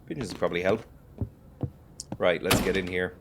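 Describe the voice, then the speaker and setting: A gaming video host gives wry, joking let's-play commentary, talking both to the game and to viewers. He has a deep, steady voice at a moderate pace, with heavy background noise.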